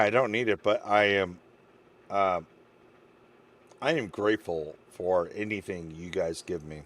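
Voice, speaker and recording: With a deep but fairly bright voice, a man who streams games wraps up his broadcast at a measured pace, leaving long pauses. It's a casual, rambling goodbye that gets emotional as he thanks the people watching.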